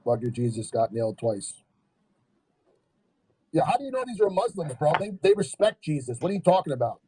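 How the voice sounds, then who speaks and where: Argumentative guy on a stream, kinda husky and mellow, reads comments and fires back. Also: fairly high pitch, big pitch swings, fairly quick, low-quality recording. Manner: heated, argumentative, reads comments aloud and rebuts them. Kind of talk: casual livestream commentary.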